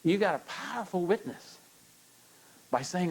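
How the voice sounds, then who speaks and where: A male pastor, preaching a sermon and coaxing his congregation into repeating lines after him, with animated, playful encouragement. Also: mid-range voice, a little fast, low-quality recording. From United States.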